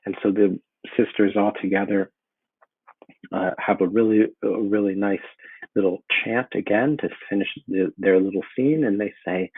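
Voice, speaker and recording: Male teacher, husky low voice, reads lines then paraphrases casually; tinny narrow sound. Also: fairly even intonation, normal speed, no echo. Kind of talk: explaining a play line by line.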